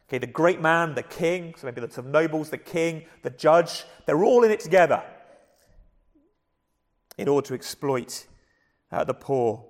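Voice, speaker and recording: A hoarse man with an English accent, preaching a sermon in an earnest, conversational way with frequent repeated starts. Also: fairly high pitch, animated, moderate pace, pauses often, big-room sound. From England. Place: church.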